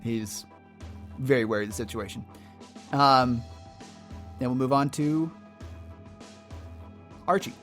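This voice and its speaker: A man narrating as game master of a tabletop game, relaxed and hesitant, with frequent fillers. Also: mid-range voice, slow pace, long pauses, faint music behind.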